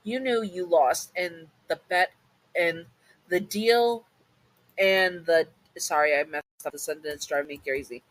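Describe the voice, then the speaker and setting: A woman's voice: fairly low pitch, a little slow, no room sound, rough recording. A woman narrating a listener role-play story in a casual, chatty way, sometimes correcting herself. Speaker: narrator and channel host.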